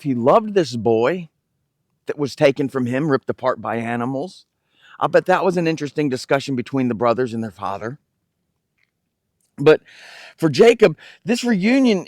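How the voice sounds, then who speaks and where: A man's voice: on the high side, no room sound, studio quality. A man teaching scripture in a conversational way, often stumbling over and repeating words as he explains. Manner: halting, repeats words and restarts phrases. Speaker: Bible teacher.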